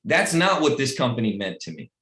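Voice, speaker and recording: A middle-aged team leader gives his recruits a motivational speech on a video call, emphatic and repetitive, swinging between a loud pep talk and quiet personal stories. He's very animated and a little fast, with a medium-pitched voice and a roomy sound.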